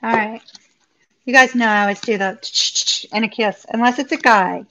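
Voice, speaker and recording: A woman's voice: on the high side, normal speed, bright, forceful tone. A woman giving a live tarot reading to viewers, effusive and upbeat, chatting and laughing often. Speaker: tarot reader. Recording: dull lo-fi recording.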